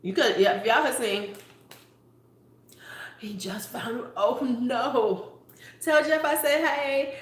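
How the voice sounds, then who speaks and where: A woman's voice: fairly high pitch, slow, long pauses. A woman beauty vlogger in a casual live-stream chat, playful and talking straight to her viewers. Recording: roomy echo.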